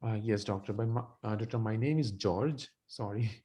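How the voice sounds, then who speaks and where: A man playing a worried, low-voiced father. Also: moderate pace, background noise, natural voice. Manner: hesitant, concerned replies. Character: worried father of a sick young son. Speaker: role-play patient's father. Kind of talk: medical exam role-play.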